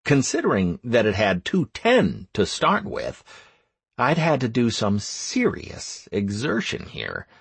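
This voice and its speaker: A man narrating a first-person fantasy game audiobook in a measured, deliberate way. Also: medium pitch, huge pitch swings, gravelly, slightly rough, dry recording.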